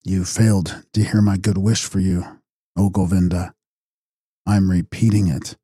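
A man voicing a calm, wise young seeker who speaks quietly and kindly, without mockery. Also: low-pitched, measured pace, husky, no room sound, clean studio sound, voice pushed down. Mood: gentle, resolved.

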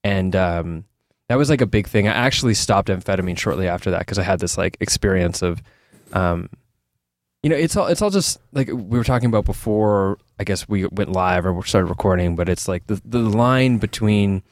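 A man's voice: low voice, lively intonation, brisk, no room sound, studio quality. A man interview guest telling personal stories candidly, in a loose, rambling way with many fillers and restarts. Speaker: guest, author. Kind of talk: candid conversational storytelling.

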